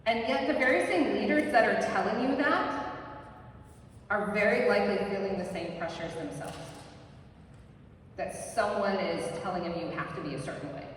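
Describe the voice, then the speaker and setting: A woman giving a live workshop talk to an audience, energetic and often ending points with a quick "right?". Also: mid-range voice. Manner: energetic, ends points with tag questions. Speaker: workshop presenter. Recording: very echoey hall, mic far off, faint noise.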